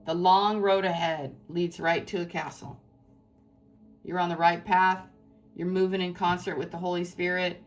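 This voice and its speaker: A woman's voice: lowish voice, flat delivery, moderate pace, soft background music. A woman giving a tarot reading to her viewers in an effusive, rambling, spiritual way. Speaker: tarot reader.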